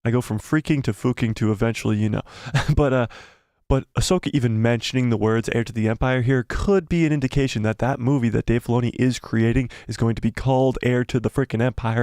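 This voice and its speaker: A man hosting a live stream, excitedly breaking down a trailer, talking quickly and repeating phrases. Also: mid-range voice, no echo, clean studio sound.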